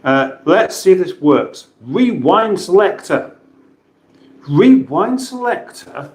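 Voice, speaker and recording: Taking it slowly, this British livestream host reads out chat messages with jokes and playful voices for the names, his fairly high voice expressive. It's casual live chat in a home kitchen, and the recording has a roomy echo.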